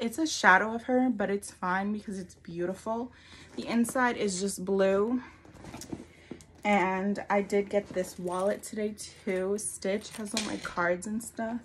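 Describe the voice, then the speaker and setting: A woman's voice: medium pitch, fairly bright tone, slight background noise. A young woman chatting casually through a shopping haul vlog, rambling and full of "like", a bit out of breath. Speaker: vlogger.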